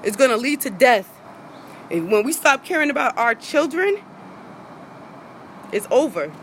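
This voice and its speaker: A woman's voice: high voice, big pitch swings, a little slow, slight background noise, poor audio. A woman, a vlogger in an angry rant to her viewers, heated, profane and repeating herself.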